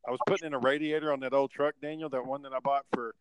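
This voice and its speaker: Young adult man, podcast co-host, quick delivery, cussing constantly, rambling anecdotes. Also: mid-range voice, a crowd in the background, low-quality recording. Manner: profane, rambling, animated storyteller. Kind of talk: casual storytelling chat.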